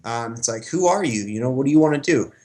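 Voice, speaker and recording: Relaxed man with a middle-range voice. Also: mid-range voice, quick pace. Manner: relaxed, hesitant with fillers. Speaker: fighter. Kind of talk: casual sports interview.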